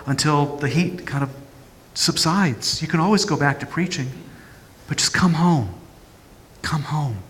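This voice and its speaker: A man's voice: a little high, a bit bright, big-room sound, natural voice. A man doing fretful coaxing parents. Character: worried parents' inner voice, anxious and coaxing.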